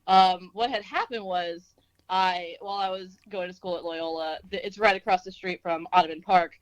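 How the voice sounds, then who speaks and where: Young female singer-songwriter guest from Texas, mid pitch, dry sound, loose and self-mocking. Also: fairly even intonation, moderate pace, clean tone, no room sound, muffled recording. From Austin, Texas. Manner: laid-back, self-deprecating, lots of "like" and "um". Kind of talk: casual interview.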